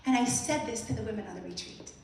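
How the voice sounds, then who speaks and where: A woman giving an animated motivational talk to an audience, telling stories and asking the room questions. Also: fairly high pitch, fast talker, slight background noise. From Brooklyn, US. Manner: animated storytelling, acting out her own reactions. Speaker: inspirational speaker. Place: large hall at a museum event. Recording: echoey hall, voice from far off.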